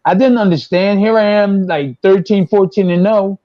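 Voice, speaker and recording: A man's voice: high-pitched, moderate pace, dry recording. Rambling older man telling stories. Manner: rambling, repeats himself, acts out quotes. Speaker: guest, former boxer. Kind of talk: casual storytelling. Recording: dull, dry lo-fi sound.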